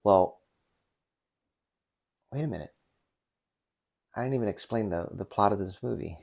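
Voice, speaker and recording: Male host in his forties, deeper register, loose unscripted review delivery that trips over itself often. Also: measured pace, gravelly, darkish tone. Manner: rambling, with many restarts and fillers. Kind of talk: casual unscripted movie review.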